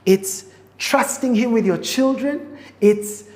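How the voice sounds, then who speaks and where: Slow-preaching woman in an echoing hall. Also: on the high side, darkish tone. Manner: slow, repetitive preaching with frequent restarts. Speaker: pastor. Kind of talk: sermon. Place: church auditorium. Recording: echoey hall with long reverb.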